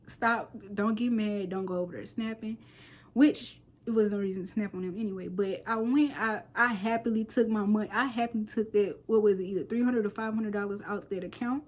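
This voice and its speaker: A woman in her thirties chatting straight to her viewers in a relaxed daily vlog. She talks in an easy, slangy way, mixing lively storytelling with quiet, half-whispered side comments. Her voice sits at a medium pitch for a woman. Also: moderate pace. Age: 30s. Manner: chatty and animated, with slangy asides and playful soft whispered quips. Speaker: lifestyle vlogger.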